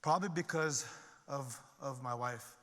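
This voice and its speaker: A middle-aged man tells his recovery story as a personal testimony, his talk loose and chatty with plenty of fillers and false starts. He has a mid-range, sharp-toned voice and speaks a little slowly, with the long reverb of a big hall around him.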